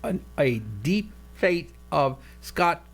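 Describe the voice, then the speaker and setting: A male radio host with a lively, animated voice that swings up and down in pitch. He questions his guest eagerly, often repeating words as he jumps in. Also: slow pace. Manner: inquisitive, with repeated words and restarts. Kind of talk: radio interview.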